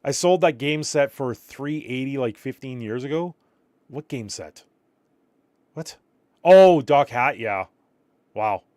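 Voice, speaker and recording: A slightly tired man chats casually on a live stream and rambles as he reacts to his viewers' messages. His voice is mid-pitched and the recording is dry and close. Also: animated, slow, pauses often, a little mellow, dry recording. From Canada. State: a little tired.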